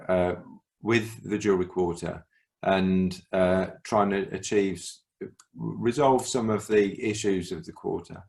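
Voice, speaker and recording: A man co-chairing an online community workshop on a video call, speaking haltingly with many pauses and restarts. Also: deep voice, steady tone, gravelly, darkish tone.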